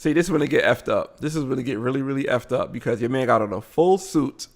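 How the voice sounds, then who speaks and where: A man talks through a video in loose, blunt live commentary. His pitch jumps around a lot as he reacts. He keeps an unscripted, conversational flow. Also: fast talker. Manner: animated, blunt, frequent laughing asides. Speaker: host of a live commentary show.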